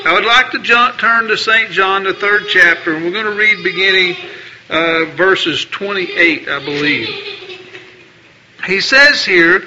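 A man delivers a sermon in a high, piercingly bright voice. He presses his points by repeating phrases and reads scripture aloud. The recording is dull and lo-fi. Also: unhurried, a little hiss or hum. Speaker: preacher.

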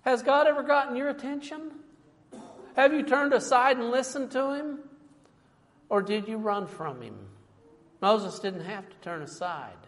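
Man preaching, high voice, emphatic rhetorical questions, long church reverb. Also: animated, measured pace, long pauses, a bit bright. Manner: emphatic, asks rhetorical questions, calls listeners folks. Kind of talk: sermon. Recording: long reverb from a large hall.

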